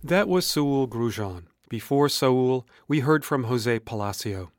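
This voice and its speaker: A man's voice: mid-range voice, expressive, dry recording, studio quality, faint music behind. Man reading podcast credits. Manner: measured announcer delivery. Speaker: podcast host. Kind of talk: scripted radio narration.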